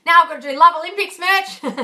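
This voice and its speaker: A woman's very high, bright and pushed voice carries this live phone Q&A. As a manifesting coach, she fields viewer questions, curses freely and calls them darling. She sounds slightly distant from the microphone.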